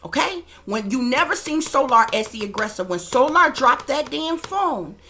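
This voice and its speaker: Woman ranting on her vlog, blunt, cusses a lot, kinda high and sharp-toned. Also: lively intonation, normal speed. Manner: blunt, profane, emphatic. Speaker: channel host. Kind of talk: heated commentary vlog.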